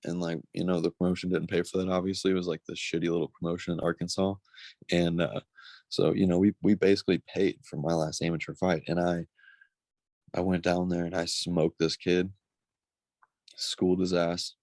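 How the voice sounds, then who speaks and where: Deep gravelly young man, blunt and profane. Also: flat delivery, a little fast, a little mellow, dry recording. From Missouri, United States. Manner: blunt and profane, emotional, choked up at times. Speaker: pro MMA fighter, guest. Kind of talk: candid interview talk.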